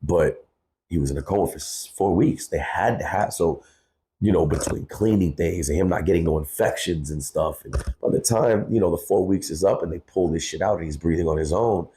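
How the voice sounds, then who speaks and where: Podcast guest, man in his 30s, very low voice, raw and candid storytelling. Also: a little fast, mellow. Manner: candid, cursing freely, says "bro" often. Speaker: guest, hip-hop artist. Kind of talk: emotional personal storytelling.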